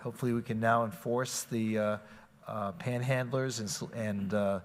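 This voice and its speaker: A man serving as mayor and chairing a city meeting, informal and halting, often repeating himself into a desk microphone in council chambers. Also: on the low side, fairly even intonation, in a large hall.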